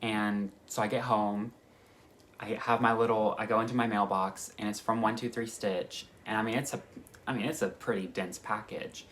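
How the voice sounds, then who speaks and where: A man chatting excitedly as a cross-stitch vlogger, gushing about his stitching kits in a casual way. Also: lowish voice, moderate pace, slight background noise. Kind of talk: casual chat.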